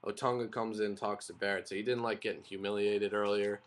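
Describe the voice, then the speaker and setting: A young man with a fairly low voice recaps a wrestling show in a loose, rambling way. He is opinionated and sprinkles his talk with fillers and self-corrections. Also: little pitch movement, fairly quick, noisy background. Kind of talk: casual spoken recap and review.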